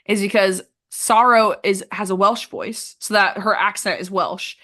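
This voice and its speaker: Bright-voiced woman podcast host. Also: mid-range voice, fairly even intonation, a little slow. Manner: reads aloud expressively, chats with restarts and fillers. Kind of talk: casual book club chat.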